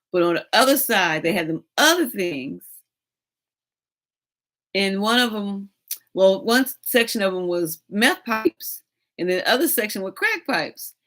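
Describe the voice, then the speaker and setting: A woman's voice: medium pitch, a bit bright. A woman hosting a tarot live stream, telling a rambling, profane story and laughing often.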